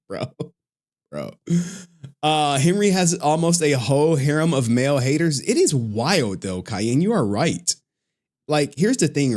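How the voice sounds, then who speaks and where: A man's voice: medium pitch, darkish tone. Laid-back profane male streamer. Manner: loose and profane, laughing often, reading chat aloud. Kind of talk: casual live-stream chat.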